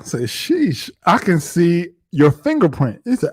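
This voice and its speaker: Young guy with a higher voice, chatting fast and animated, acting out quotes. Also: husky. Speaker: co-host reviewing a reality show. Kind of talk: casual live chat.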